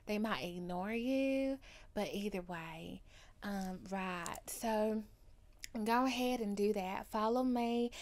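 A woman hosting her own podcast in casual chat, overdramatic and playful, loopy and tired late at night, dropping to hushed asides and then rising to loud declarations. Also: mid-range voice. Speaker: podcast host.

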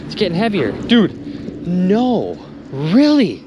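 A man vlogging while magnet fishing from a boat outdoors, excitedly narrating his finds to viewers and exclaiming often. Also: high voice, slow, noisy background. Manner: animated, exclaims often, keeps addressing viewers as "you guys".

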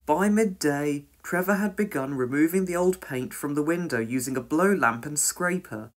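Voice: mid-range voice, normal speed. A reader narrating a children's storybook aloud and voicing every character. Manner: expressive, reads every character in a different voice.

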